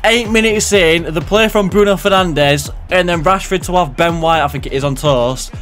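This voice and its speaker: A young man calls the action of a football video game as he plays it. His voice sits a little high, and he swings between loud excited outbursts and low muttered asides. Faint music plays underneath. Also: moderate pace. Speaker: gaming commentator.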